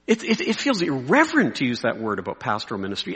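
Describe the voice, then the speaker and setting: Middle-aged man preaching to pastors, bright husky voice, lively swooping pitch, long hall reverb. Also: quick pace, hardly any pauses. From North America. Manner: animated, swings from loud exclamations to quiet asides. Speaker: speaker addressing pastors. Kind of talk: preaching talk to clergy.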